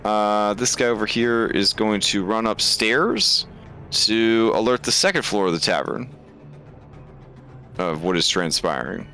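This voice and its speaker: Slow, relaxed man running a game. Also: on the low side, faint music behind. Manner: relaxed, thinking aloud with many fillers. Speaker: game master.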